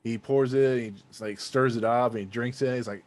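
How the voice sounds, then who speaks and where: A man's voice: medium pitch, fairly even intonation, moderate pace, a little mellow. A man co-hosting a podcast, chatting casually and retelling scenes in quoted voices. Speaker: podcast co-host. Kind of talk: casual chat.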